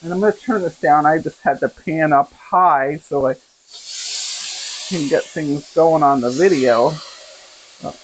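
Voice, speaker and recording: With a deep voice, a measured pace and long pauses, a middle-aged woman talks to the camera while cooking in her home kitchen. As host of her own cooking video, she's chatty and rambling, surrounded by the clatter of dishes, pots and pans.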